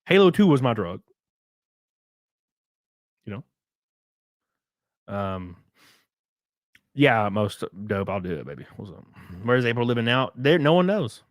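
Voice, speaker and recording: Young Southern man, casual streamer, laughs a lot, cusses, close dry sound, average pitch. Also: sing-song, slow pace, pauses often, dry recording. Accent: Southern US (Alabama). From rural Alabama. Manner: rambling, laughs often, swears freely. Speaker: livestreamer and race car driver. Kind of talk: casual livestream chat reading viewer comments.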